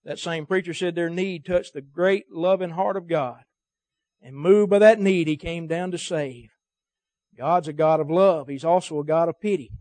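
High-voiced preacher, dry sound. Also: male voice, normal speed, darkish tone, no room sound. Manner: emphatic cadenced preaching, swelling and dropping volume. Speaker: pastor. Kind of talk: sermon. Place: church service.

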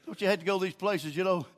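An older man with a Southern US accent preaching a sermon in a folksy storytelling way, dropping low and quiet, then rising to shouts.

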